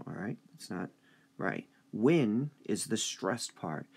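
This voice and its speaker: A man teaching a high school English review lesson, speaking slowly and deliberately and drawing out stressed syllables. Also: very animated, slightly rough.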